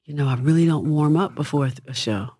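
A woman singer with a husky, low-toned voice, talking casually and emphatically as an interview guest. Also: quick pace, warm tone, no echo, studio quality.

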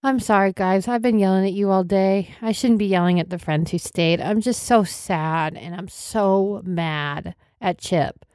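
A woman's voice: mid-range voice, unhurried, few pauses, clean tone, no echo, clean studio sound, lightly acted. A woman improvising a sulky young bride who turns apologetic, in a comedy role-play. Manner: sullen, flat, then apologetic.

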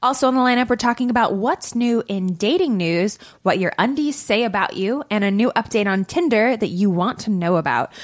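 A woman's voice: mid-range voice, lively intonation, a little fast, few pauses. Chatty woman podcast co-host. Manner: chatty, lots of "like". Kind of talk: casual chat.

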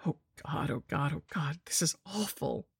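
A woman's voice: low voice, measured pace, a bit bright, slightly rough, no room sound, studio quality, full character voice. A woman doing a trembling young butler. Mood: tremulous, remorseful.

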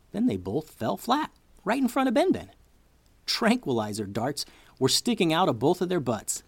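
A man narrating a children's story with a lively, expressive reading. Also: on the low side, breathy edge, dry recording.

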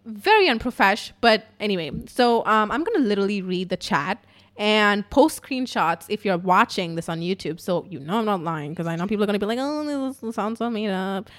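Chatty and casual, the young adult woman hosting this podcast tells a story while swearing a lot and dropping "like" everywhere. Her medium-pitched voice is a bit bright, with lively intonation and a slightly quick pace.

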